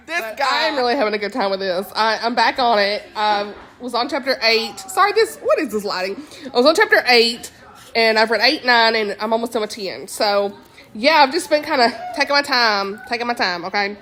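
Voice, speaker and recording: A woman with a Southern US accent, chatting casually as a book vlogger, animated and often laughing. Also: a little high, fairly quick. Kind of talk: casual chat.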